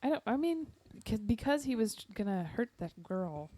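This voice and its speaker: Young female podcast co-host, dark-toned, dry, quick reactions. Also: fairly high pitch, very animated, no echo. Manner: wry, quick reactions, laughs often. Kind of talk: casual chat.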